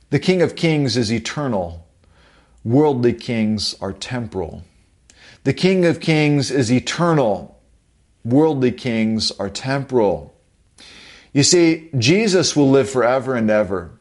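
Man, pastor, preaching a sermon, from the United States, emphatic, drawn-out stressed phrases. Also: mid-range voice, darkish tone.

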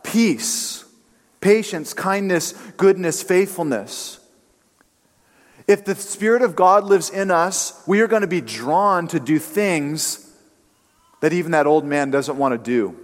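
A man preaching in a church, his voice fairly high for a man. He moves between calm teaching and casual storytelling, loose with fillers. A long reverb from the hall trails each phrase. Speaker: pastor. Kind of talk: sermon.

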